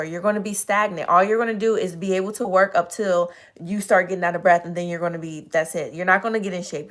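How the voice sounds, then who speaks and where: A woman hosting a casual motivational livestream, chatty and earnest, slightly hoarse, greeting viewers by name as she talks. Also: medium pitch. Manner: earnest, encouraging, addresses audience as y'all. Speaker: livestream host.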